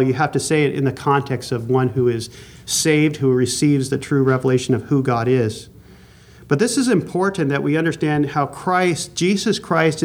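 A man teaching a Bible class from an outline, earnest and emphatic, slowing down to stress key points. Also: mid-range voice. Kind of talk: sermon-style Bible teaching.

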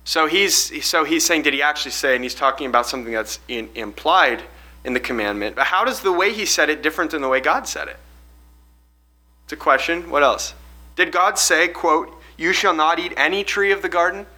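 A man leads a group Bible study in a very bright, slightly high voice. He reads passages aloud, asks the group questions and explains them, often restarting his sentences. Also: animated, brisk, rough recording.

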